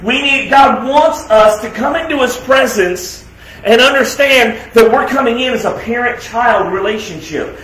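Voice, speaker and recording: A man preaching a sermon as pastor, emphatic, asking rhetorical questions and swinging between loud declarations and quiet, soft asides. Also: extremely high pitch. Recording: echoey room sound.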